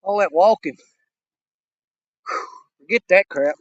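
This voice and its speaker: A man's voice: high-pitched, takes it slowly. A man, chatting folksily to viewers while fishing outdoors on a windy riverbank, out of breath from walking. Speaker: fishing vlogger. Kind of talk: casual outdoor vlog. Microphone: camera mic. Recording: dull lo-fi camera audio.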